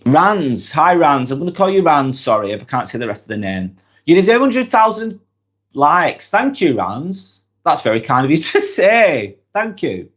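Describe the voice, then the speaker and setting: Lancashire man with a cold, lively pitch. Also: normal speed. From Lancashire, northwest England. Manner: chatty, reads out comments and answers them directly. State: has a cold. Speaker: live-stream vlog host. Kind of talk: casual live-stream chat reading viewer comments.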